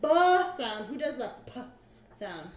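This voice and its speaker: Mom teaching her kid to cook at home; high, patient voice, roomy kitchen sound. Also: lively intonation, a little slow. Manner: patient, coaxing, asks simple questions. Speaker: cooking class teacher with her child. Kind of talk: home cooking demo video. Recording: echoey room, faint noise.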